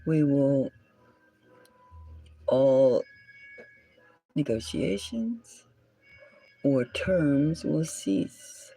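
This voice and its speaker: A tarot reader hosting a solo reading, unhurried and full of gravelly rasp, with a pitch that swoops up and down. The delivery is musing and self-correcting, with frequent drops into a whisper, over faint background music. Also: animated, dark tone, poor audio. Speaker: tarot reader and channel host.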